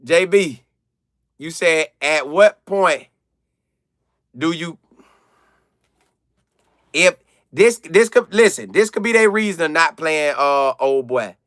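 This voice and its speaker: A man's voice: a little high, expressive, slow pace, long pauses, fairly bright tone, no room sound, clean studio sound. A man hosting a casual sports live stream, reading viewer comments aloud and reacting in loose slang.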